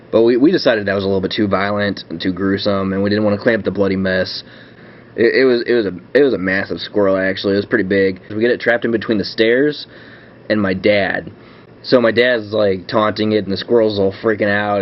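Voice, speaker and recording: A young man casually telling a home story with lots of fillers and restarts. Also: fairly low pitch. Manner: rambling, filler-heavy, self-correcting. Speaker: vlog host. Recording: dull lo-fi webcam audio with faint hiss.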